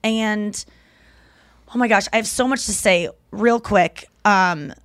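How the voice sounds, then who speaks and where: A woman's voice: medium pitch, slow. A woman hosting a podcast, telling stories in casual chat, acting out the people she quotes and swearing freely. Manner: animated storyteller, acts out quotes. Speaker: podcast host.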